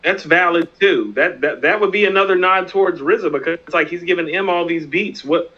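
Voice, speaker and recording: A man co-hosting a casual hip hop talk show, animated and emphatic, repeating himself for effect. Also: high-pitched, brisk, muffled recording. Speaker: podcast co-host.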